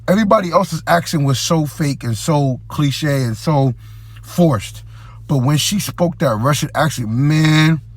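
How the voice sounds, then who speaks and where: A man's voice: on the high side, no echo. A man hosting his own movie review channel, talking casually and enthusiastically in slangy, conversational speech.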